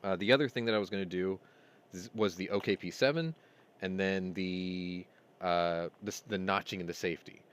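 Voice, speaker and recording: A man's voice: sits low, moderate pace, smooth. A man hosting a casual weekly chat show, telling long, rambling stories and acting out both sides of conversations. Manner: rambling storyteller, retells dialogue. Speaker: host.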